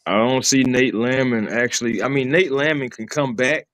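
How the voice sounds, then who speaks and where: A man with an ordinary middle-pitched voice who walks through roster talk in a steady, even way. He often drops in short affirmations while the others speak. The recording is close and dry. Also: moderate pace, dry recording. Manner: steady, lists players, frequent affirmations. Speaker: sports podcast co-host. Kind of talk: casual sports chat.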